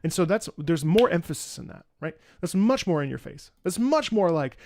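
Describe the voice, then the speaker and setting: An enthusiastic man walks through a piece of music in a casual breakdown, pausing to ask the listener rhetorical questions. His voice sits a little high for a man and has a gravelly edge. The sound is dry and close. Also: very animated, darkish tone, no room sound. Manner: enthusiastic, sings snippets and asks rhetorical questions. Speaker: music analysis video host.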